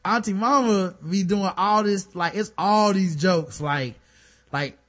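A man co-hosting a podcast in casual chat, animated and full of fillers. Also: high-pitched, slow pace. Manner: animated, lots of fillers and put-on voices in stories. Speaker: podcast co-host.

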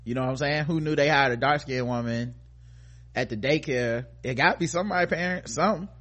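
A man's voice: mid-range voice, quick pace, a bit bright. A man co-hosting a podcast, reading news stories aloud and mocking them in casual comedic commentary, laughing often. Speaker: podcast co-host.

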